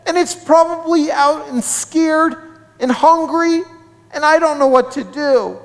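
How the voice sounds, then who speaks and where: A man's voice: unhurried, creaky, exaggerated voice. A man doing a tearful, whimpering little girl. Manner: high, whimpering, pleading. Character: tearful young girl, upset and scared. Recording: reverberant sanctuary livestream.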